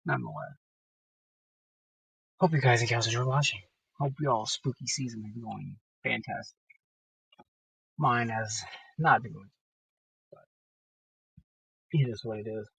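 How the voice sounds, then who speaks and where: A gravelly, husky man talks straight into a phone from his car, blunt, excitable and quick to swear. His tone is bright and forceful, and the sound is dry, with no room echo. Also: medium pitch. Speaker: horror movie vlogger. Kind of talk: casual ranting monologue. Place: inside a car. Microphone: phone held away from the mouth.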